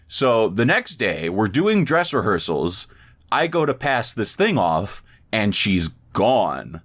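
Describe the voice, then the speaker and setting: Fairly low-pitched and fairly bright, this man talks slowly yet with great animation as a podcast co-host. His long, wandering story comes full of profanity and frequent false starts in a relaxed chat.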